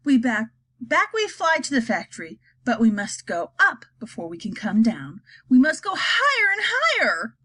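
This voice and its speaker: A woman's voice: high voice, huge pitch swings, moderate pace, pushed and bright, husky, full character voice. Mister Wonka, read by a woman. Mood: whimsical. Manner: grand, teasing and theatrical. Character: eccentric male chocolate maker, whimsical.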